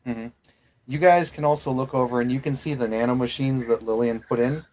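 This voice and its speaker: A man's voice: mid-range voice, steady tone, fairly quick, a little mellow, poor audio. A man running a tabletop role-playing game as game master, narrating casually with fillers and restarts.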